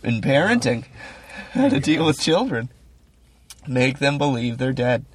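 A man's voice: medium pitch, a little slow, a little hiss or hum. A man hosting a podcast, bantering with playful jokes. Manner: playful, joking, animated banter. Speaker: podcast host and comedian. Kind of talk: casual podcast chat.

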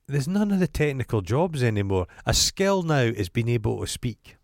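Opinionated Scottish man, podcast host, mid-pitched, blunt and sweary, dry close sound. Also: very animated, normal speed, gravelly, no room sound. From Scotland. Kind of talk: casual chat.

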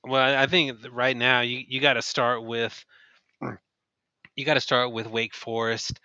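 A man's voice: mid-range voice, flat delivery, a little slow, bright, forceful tone, clear, resonant tone, no echo, muffled recording. A man co-hosting a sports podcast, talking in a hedging way with frequent restarts. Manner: hedging, restarts often, many fillers. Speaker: podcast co-host. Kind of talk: casual sports chat.

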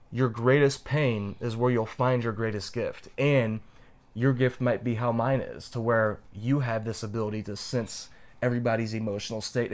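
With a mid-range voice and a slightly dark tone, a young man co-hosting a podcast recounts something from his own life. He's thoughtful and sincere, easing his pace whenever a point matters most.

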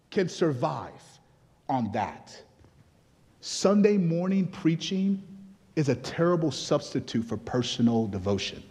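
Nigerian-born pastor preaching in a reverberant hall. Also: male voice, a little high, a little mellow. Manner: conversational preaching that builds to emphatic, rising exhortation. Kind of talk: sermon. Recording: long reverb of a large hall.

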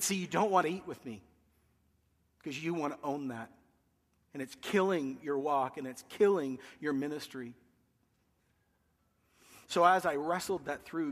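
A man's voice: a little high, in a large hall. A man, a pastor, earnestly telling a personal story in a sermon, his voice rising when he quotes himself. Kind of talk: sermon testimony.

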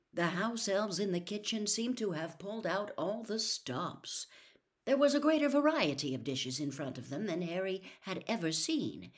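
A woman narrating a children's novel aloud in a slow, expressive read-aloud style. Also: lowish voice. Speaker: storyteller. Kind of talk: audiobook narration.

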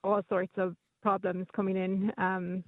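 A woman's voice: mid-range voice, flat delivery, measured pace, no room sound. A woman telling local stories as a radio guest, chatty, with plenty of ums and restarts. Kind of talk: casual radio chat. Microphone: phone. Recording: phone line.

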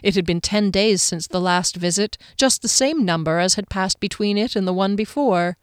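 A woman narrating a fantasy novel aloud with an expressive, dramatic reading. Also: mid-range voice, moderate pace, clean tone, no echo, clean studio sound. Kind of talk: audiobook narration.

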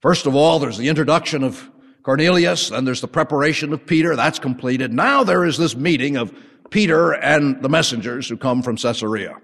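A man teaching a sermon with an animated, conversational storytelling manner. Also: mid-range voice, fairly quick, creaky. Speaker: Bible teacher. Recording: long hall reverb.

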